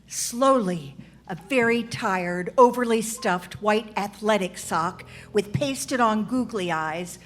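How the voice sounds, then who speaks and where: A seventy-year-old woman narrating a comedy sketch onstage in a wry, deadpan tone. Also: mid-range voice, slow. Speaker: cast member, narrator.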